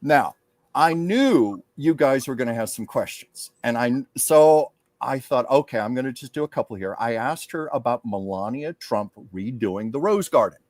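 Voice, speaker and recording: A man's voice: mid-range voice, lively intonation, darkish tone, no room sound. A man hosting a psychic show, talking earnestly and casually about a channeled message. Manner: earnest, heartfelt, slows down to read aloud. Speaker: psychic medium and host.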